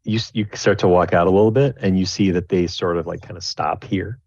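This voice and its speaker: Deep-voiced man narrating a tabletop game. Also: steady tone, brisk, a little mellow, no room sound. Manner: rambling, many restarts and likes. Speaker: game master. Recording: dull lo-fi recording, dry.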